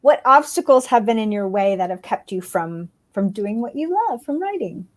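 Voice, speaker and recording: A woman's voice: mid-range voice, animated, moderate pace. A woman hosting an interview over a video call, asking questions and giving short, encouraging replies. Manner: supportive, brief encouraging replies. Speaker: interview host. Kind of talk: casual interview chat.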